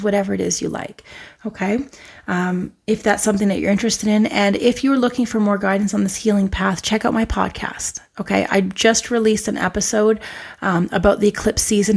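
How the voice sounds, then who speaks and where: A woman from Canada giving an excitable, emotional tarot pick-a-card reading. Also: medium pitch, gravelly. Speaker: tarot reader.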